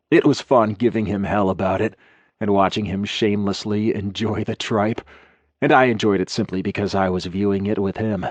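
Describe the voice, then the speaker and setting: A man's voice: lowish voice, darkish tone, no echo. A man reading a first-person romance audiobook in a wry, conversational way, close to the mic. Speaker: audiobook narrator.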